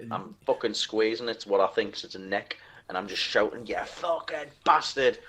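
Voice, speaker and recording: A man's voice: lowish voice, fairly even intonation, normal speed, a bit bright. An older man playing a tabletop game, describing his character's moves crudely and with lots of swearing. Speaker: player. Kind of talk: casual tabletop play.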